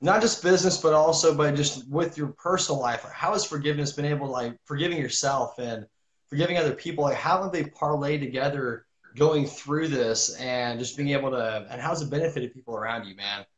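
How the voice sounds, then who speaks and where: A man's voice: medium pitch, brisk, roomy sound, poor audio. A man hosting a podcast, asking rambling, restarted questions in a casual way. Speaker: podcast host. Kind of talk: interview questions and short reactions.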